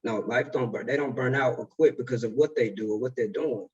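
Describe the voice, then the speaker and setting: A man's voice: mid-range voice, brisk, darkish tone, husky, recorded from a distance, dull audio. Young man giving a casual motivational talk. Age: 20s. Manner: casual slang-filled storytelling. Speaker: speaker.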